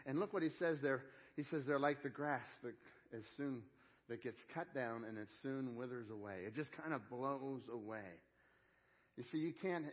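A man's voice: mid-range voice, dull audio. A man preaching a sermon in an earnest, conversational way, often repeating and restarting phrases. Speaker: pastor.

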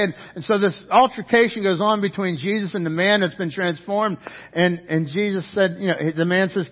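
A pastor preaching to his congregation, a man with a fairly high voice. He tells the story dramatically, moving between loud, excited stretches and quiet, earnest appeals. The recording sounds dull and lo-fi. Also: normal speed, long reverb tail. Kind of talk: sermon.

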